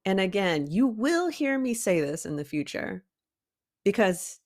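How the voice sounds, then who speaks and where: A woman hosting a motivational talk for artists, preachy and emphatic, with sudden high rises on key words. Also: very animated, a little slow, a little mellow. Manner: emphatic and preachy, calls listeners "baby cakes". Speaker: art coach and podcast host.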